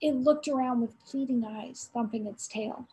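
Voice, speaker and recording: A woman's voice: a little high, warm tone, rough recording. A woman, an aunt, reading a chapter book aloud to her nieces and nephews, stopping now and then to quiz them. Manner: storytelling, pausing to quiz listeners.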